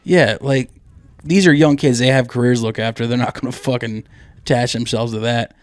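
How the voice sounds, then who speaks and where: A man's voice: medium pitch, fairly even intonation, fairly quick, no room sound. A man co-hosting a podcast, telling crude, jokey stories and acting out the people in them. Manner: crude, jokey storyteller who acts out loud quotes. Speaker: podcast co-host. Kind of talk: casual podcast banter.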